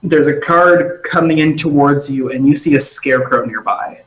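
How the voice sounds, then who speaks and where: A man narrating a tabletop game as game master, animated and jumping into side characters. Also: fairly high pitch, normal speed, echoey room, low-quality recording.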